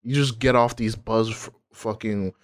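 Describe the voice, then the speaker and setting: A man co-hosting a casual podcast chat, animated, sarcastic and profane. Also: on the low side, normal speed. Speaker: podcast co-host.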